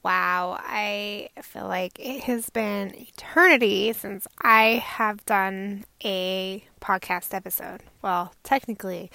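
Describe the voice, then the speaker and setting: Chatty bright-voiced woman podcaster, gravelly. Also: medium pitch, dry recording. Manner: chatty, laughs often, warm pet names for listeners. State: recovering from tonsil surgery. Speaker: podcast host. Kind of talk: casual solo podcast monologue.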